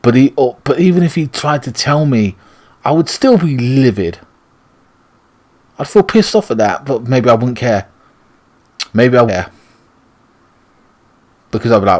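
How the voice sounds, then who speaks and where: A man's voice: medium pitch, animated, normal speed, pauses often. A British man ranting and swearing as he comments on a video game he is playing. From Britain. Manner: ranting, profane. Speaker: gaming YouTuber. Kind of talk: let's play commentary.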